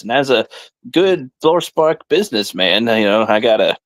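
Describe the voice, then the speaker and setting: Male co-host, mid pitch, rambly, laughs a lot, dry close mic. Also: normal speed, no echo. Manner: laughs often, rambling, hesitant restarts. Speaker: podcast co-host. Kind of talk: casual comic review chat.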